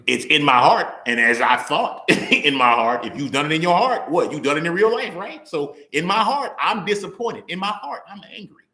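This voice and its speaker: A young man giving a conversational sermon, playful and animated, laughing often and acting out quick voices. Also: fairly high pitch. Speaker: preacher. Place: church hall. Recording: roomy echo.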